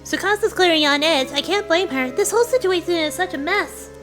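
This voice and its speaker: A woman streamer reading game dialogue aloud in a plain, even manner. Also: very high voice, fairly quick, faint music behind.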